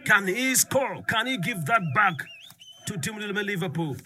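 A man doing excitable live football commentary, rapid and sing-song. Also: high voice, noisy background. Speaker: sports radio commentator.

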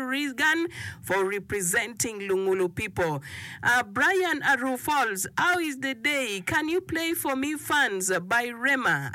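Woman, radio presenter, reads listener messages, playful teasing banter, bright voice. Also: fairly high pitch, no room sound. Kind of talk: reading listener requests on air. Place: radio studio.

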